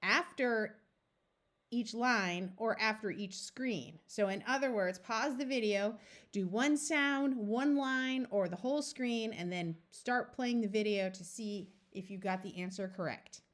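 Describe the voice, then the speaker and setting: A woman's voice: on the high side, measured pace, fairly bright tone. A woman reading tutor teaching a phonics lesson, patiently sounding out letters and words one by one.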